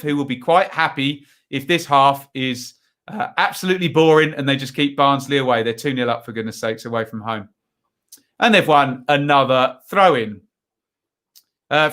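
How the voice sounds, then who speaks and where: Bright-voiced man hosting a football watchalong. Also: medium pitch. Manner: chatty, rambling commentary full of asides and tag questions. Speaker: watchalong host. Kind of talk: live football watchalong commentary.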